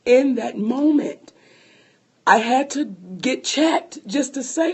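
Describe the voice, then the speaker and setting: A woman co-hosting a podcast, telling a personal story in an animated, profane way and laughing often. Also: high-pitched, takes it slowly, husky. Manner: speaks to listeners as sisters. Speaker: podcast co-host.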